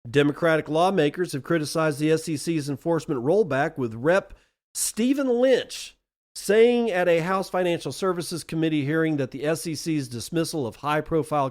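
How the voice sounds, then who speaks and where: A man's voice: on the high side, moderate pace, darkish tone. A man hosting a podcast, reading news articles aloud and breaking in with sarcastic asides of his own. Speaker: podcast host.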